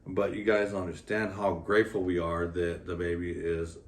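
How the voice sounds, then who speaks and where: A man's voice: sits low, little pitch movement, normal speed, recorded from a distance. A man vlogging with his partner about their pregnancy, talking in a heartfelt, rambling way with lots of fillers. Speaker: vlogger, expecting father. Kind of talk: casual couple vlog talk. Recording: echoey room, voice from off the mic, faint room noise.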